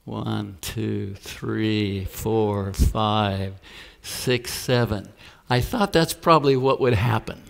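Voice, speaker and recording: A man's voice: lowish voice, takes it slowly, gravelly. A man pastor preaching a sermon, telling stories and acting out the voices of the people in them. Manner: storytelling with acted-out voices.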